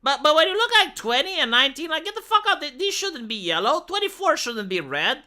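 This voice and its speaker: A woman's voice: high-pitched, very animated, a little fast, pushed and bright. A woman from Romania, ranting on a casual livestream, swearing often and restarting her sentences. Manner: profane, exasperated, many restarts and fillers.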